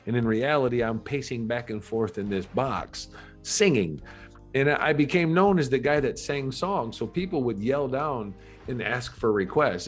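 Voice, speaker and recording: A middle-aged man, a podcast guest, telling his life story in a candid, earnest and reflective way, with halting restarts. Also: mid-range voice, lively intonation, faint music behind.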